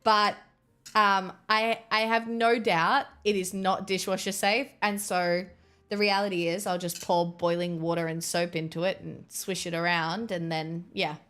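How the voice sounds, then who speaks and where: A woman's voice: fairly low pitch, level tone, unhurried, fairly bright tone. A young woman chatting casually on a live stream, rambling and swearing with exasperated asides. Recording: faint music behind.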